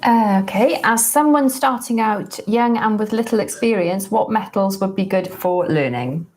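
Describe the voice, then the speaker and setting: A woman's voice: medium pitch, lively intonation, moderate pace, a little mellow. A woman helping run a live stream, reading viewer questions aloud. Her delivery is plain and to the point.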